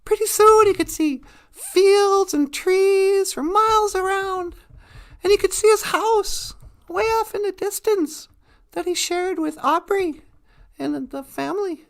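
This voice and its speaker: High-voiced casual woman storyteller. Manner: casual, laughing, relaxed. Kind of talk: live-streamed storytelling.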